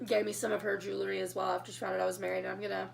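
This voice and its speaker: A young woman telling her engagement story in a casual storytime vlog, chatty and excitable, getting emotional as she talks. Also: mid-range voice, racing, gravelly, slight background noise. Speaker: vlogger.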